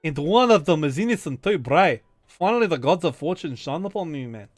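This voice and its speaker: A man's voice: a little high, expressive, a little fast, dry recording, studio quality, soft background music. A man putting on a brash Italian-Australian bro. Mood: cocky flirting. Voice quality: loud, blokey, calls everyone bro.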